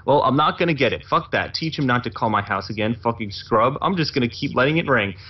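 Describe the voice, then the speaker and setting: A man's voice: medium pitch, lively intonation, fast talker, pitched below the performer's own voice, lightly acted. A man putting on a whiny, foul-mouthed male gamer streamer who is paranoid and hot-tempered, ranting and cursing, on a muffled lo-fi recording. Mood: indignant. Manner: ranting, cursing, indignant whining.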